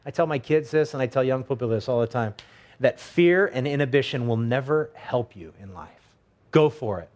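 A man's voice: medium pitch, lively intonation, normal speed, a little mellow. Conversational middle-aged male preacher. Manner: conversational preaching, acts out quoted voices. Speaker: pastor. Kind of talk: sermon.

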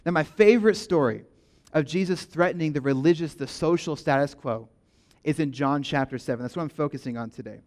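Casting: young male pastor, bit higher voice, energetic and chatty sermon delivery with playful asides. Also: a little fast.

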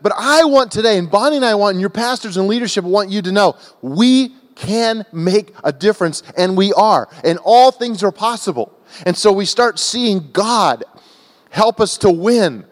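An American man delivering an impassioned sermon, his voice pitched a little higher than most men's. He tells the story in a heartfelt way, stumbling over restarts, and his voice carries a long reverb through a large church hall. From United States. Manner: emotional, animated, with frequent restarts. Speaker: guest preacher.

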